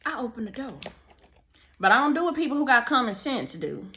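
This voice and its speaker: A young woman telling a storytime tale to her viewers in a sassy, animated way, chatting through asides while she does her makeup. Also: fairly high pitch, fairly quick, a little hiss or hum. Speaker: storytime vlogger. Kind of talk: casual storytime chat.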